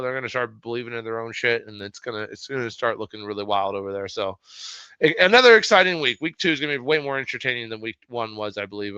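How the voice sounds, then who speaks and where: A man hosting a casual sports recap show, talking loosely and swearing freely in animated outbursts. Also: medium pitch, smooth, dry recording. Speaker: sports podcast host. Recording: dull lo-fi sound, dry.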